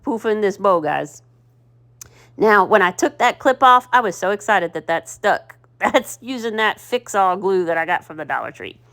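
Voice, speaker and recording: Excitable female craft host, casual and self-deprecating. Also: mid-range voice. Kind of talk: casual craft tutorial voice-over.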